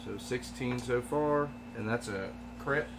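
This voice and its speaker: A man of middle pitch plays at a tabletop game and calls out his dice rolls. He is goofy and casual. Steady noise hums beneath him. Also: a little slow. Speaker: player. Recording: noisy stream audio.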